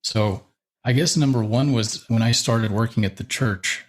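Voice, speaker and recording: A man's voice: mid-range voice, normal speed. A young man, a church media director, talking casually as a podcast guest, rambling with fillers and light laughs. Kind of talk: casual interview chat.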